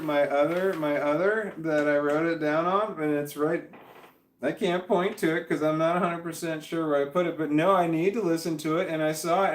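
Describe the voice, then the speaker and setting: Rambling, foul-mouthed man in an echoey room. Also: a little high. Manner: rambling, swears constantly, loses his train of thought. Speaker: livestreamer answering chat. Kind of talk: rambling casual monologue.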